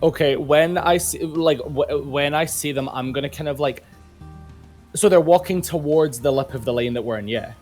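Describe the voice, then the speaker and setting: Brief: young man as a player, rambling, slightly high voice, soft music behind. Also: normal speed. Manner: rambling, lots of filler words. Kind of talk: casual tabletop play.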